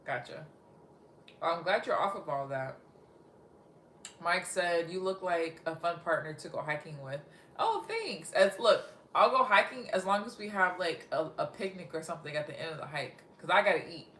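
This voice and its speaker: A woman's voice: lowish voice, normal speed, a bit bright, echoey room, a little hiss or hum. A young woman from Texas casually chatting on a livestream, reading viewer comments aloud and often giggling. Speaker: livestream host.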